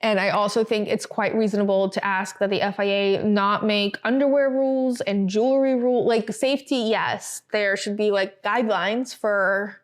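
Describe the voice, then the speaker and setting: A woman's voice: medium pitch, steady tone, moderate pace, few pauses. A woman hosting a podcast, talking casually and animatedly, with filler words and laughs. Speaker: podcast host. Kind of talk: casual chat, reading a statement aloud.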